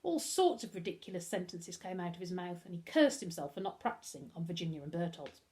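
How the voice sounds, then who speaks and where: Animated English woman reading a children's book. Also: on the low side. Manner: expressive, animated storytelling. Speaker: primary school teacher.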